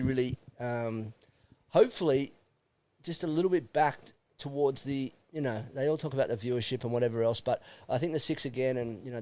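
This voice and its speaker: A middle-aged Australian man, a podcast guest, talking bluntly and with plenty of swearing in casual chat. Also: mid-range voice. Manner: blunt, animated, swears freely.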